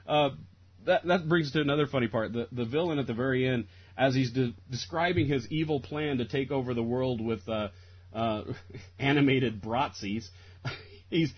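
Husky guy retelling a movie scene, keeps restarting, dull lo-fi sound. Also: medium pitch, moderate pace. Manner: rambling, laughs often, many restarts. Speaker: podcast co-host reviewing a film. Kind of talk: casual chat. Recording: dull lo-fi audio.

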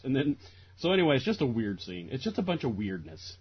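Husky man rambling about a movie. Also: mid-range voice, sing-song, quick pace. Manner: rambling, laughs often, many restarts. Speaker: podcast co-host reviewing a film. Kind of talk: casual chat. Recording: dull lo-fi audio.

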